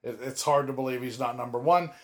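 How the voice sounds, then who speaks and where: A man co-hosting a casual wrestling podcast, talking animatedly with emphatic, drawn-out words and frequent restarts. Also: mid-range voice. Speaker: podcast co-host.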